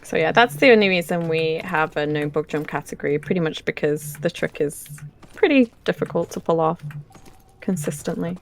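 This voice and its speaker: Gravelly low-voiced woman commentating a run. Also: normal speed, a little hiss or hum. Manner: relaxed and explanatory, frequent ums, light laughs. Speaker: speedrunner commentating her own run. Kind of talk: casual live commentary.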